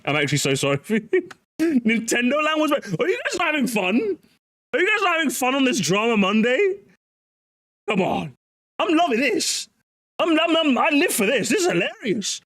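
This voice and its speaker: A high-pitched male streamer gives animated, mocking commentary on clips and keeps breaking into laughter. His voice swings widely in pitch. The recording is close and dry. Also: no echo.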